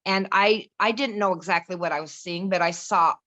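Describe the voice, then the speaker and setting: Speaking at a moderate pace, this middle-aged woman has a fairly low, pushed, bright voice captured on lo-fi audio. As a guest on a podcast, she rambles earnestly through a personal story, restarting and quoting others in a casual chat.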